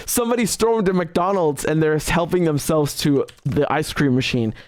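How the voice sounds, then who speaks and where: A man's voice: on the high side, measured pace, no echo. A man hosting a live political commentary show, talking indignantly and sarcastically with many restarts. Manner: frequent restarts. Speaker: host.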